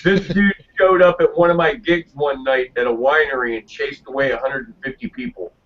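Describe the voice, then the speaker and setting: A man's voice: medium pitch, steady tone, fairly quick, a bit bright, dull audio. A man hosting a casual group chat who tells joke stories in a drawl.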